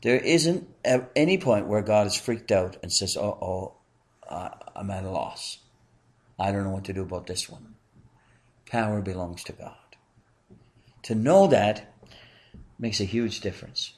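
A male pastor delivers an earnest sermon, moving between emphatic lines and slow, hushed ones. His voice is mid-range.

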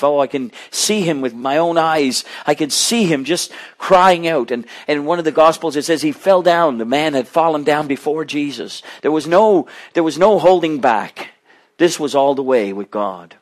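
A man's voice: on the high side, normal speed. A middle-aged man preaching a sermon with impassioned delivery, rising to fervent pleading cries.

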